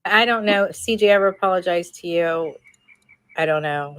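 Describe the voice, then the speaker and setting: A woman co-hosting a stream, recapping events in a matter-of-fact, even-handed way. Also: lowish voice, moderate pace, no echo. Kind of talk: casual chat.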